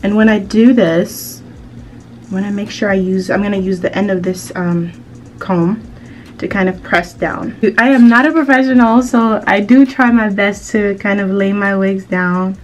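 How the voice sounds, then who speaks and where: A woman giving a relaxed, chatty hair tutorial as a vlogger, with frequent filler sounds. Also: medium pitch, moderate pace, a little hiss or hum. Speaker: beauty vlogger. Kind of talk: casual tutorial narration.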